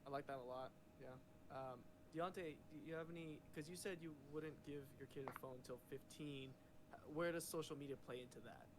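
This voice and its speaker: A podcast host asking questions in a hesitant way, with many fillers. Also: male voice, fairly high pitch, brisk. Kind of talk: casual podcast chat. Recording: noisy background hum.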